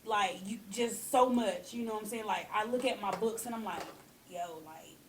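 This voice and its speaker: A young woman speaks in a relaxed interview, running on candidly about her days as a hairstylist. Her voice sits at an ordinary middle pitch. A faint hum of room ambience runs underneath. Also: brisk. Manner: candid, talks in long runs with frequent "you know what I'm saying". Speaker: hairstylist and guest. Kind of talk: casual interview chat.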